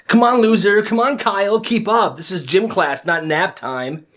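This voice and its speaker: A cocky teenage gym-class bully, put on by a man, taunting in a raised, nasal-edged voice. His lines come out high and sneering, a short comedy sketch character with a husky grain underneath. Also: measured pace, fairly bright tone. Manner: taunting, mocking.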